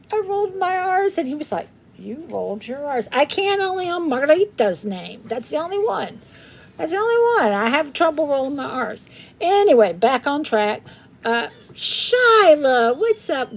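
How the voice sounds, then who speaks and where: A woman's voice: on the high side, a little mellow. A woman hosting a craft livestream in casual, rambling chat, greeting viewers by name and laughing often.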